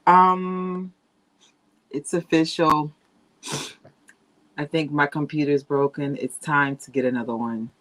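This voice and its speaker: Woman host of a casual fan livestream, talkative and lively, quick to laugh, recorded on a tablet mic. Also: low voice. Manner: chatty, animated, laughs often. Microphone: tablet used as camera.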